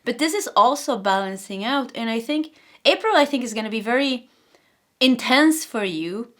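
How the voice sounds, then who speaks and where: A young adult woman with a Swedish accent giving a pick-a-card tarot reading, talking fast and energetically and often repeating her phrases. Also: fairly high pitch, expressive, fairly bright tone. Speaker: tarot reader.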